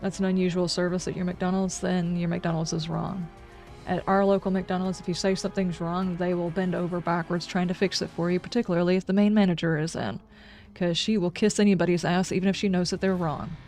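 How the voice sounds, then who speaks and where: A woman's voice: on the low side, little pitch movement, fairly quick, darkish tone, faint music behind. A woman game streamer chatting casually on a livestream, ranting in exasperation with sarcastic asides.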